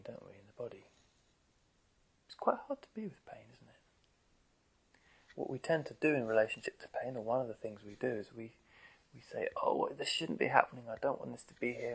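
Gravelly, husky meditation teacher. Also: male voice, mid-range voice, rough recording. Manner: gentle, conversational, asks rhetorical questions. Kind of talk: dharma talk to meditators.

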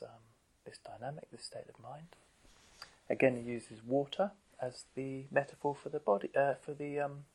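A man giving a gentle, conversational dharma talk to meditators as their teacher, often asking rhetorical questions. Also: mid-range voice, husky, rough recording.

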